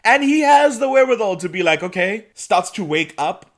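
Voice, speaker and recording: Lively, laughing male podcast host. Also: sits high, a little fast. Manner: animated storytelling recap, laughs often. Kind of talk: casual chat.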